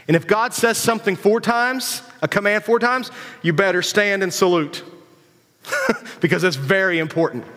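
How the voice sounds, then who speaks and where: Man, preacher, high voice, casual sermon, rhetorical questions, long hall reverb. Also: a bit bright. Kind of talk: conversational sermon to young people.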